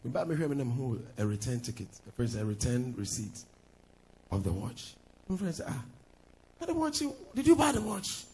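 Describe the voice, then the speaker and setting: A man's voice: medium pitch, very animated, a little fast, a little mellow, slightly rough. A man with a Ghanaian accent, a pastor preaching a sermon with sing-song lines and laughing asides, switching between English and Twi.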